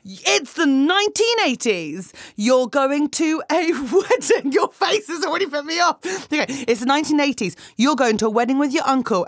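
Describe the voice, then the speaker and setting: A woman's voice: a little high, a bit bright, dry recording, studio quality. A woman comedian telling a silly story in a chatty, teasing way, giggling as she goes. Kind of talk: comic storytelling.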